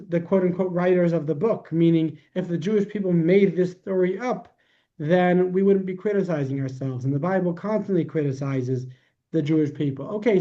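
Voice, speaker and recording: A man's voice: a little high, warm tone, lo-fi sound. A man teaching a class, patiently explaining ideas and answering questions step by step.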